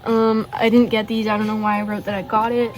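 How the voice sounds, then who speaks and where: A woman's voice: medium pitch, little pitch movement, brisk, a little hiss or hum, low-quality recording. A teenage girl in casual chat, showing her sketchbook in her bedroom and gushing with lots of fillers and rambling asides. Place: bedroom at a desk. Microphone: phone hanging above the desk.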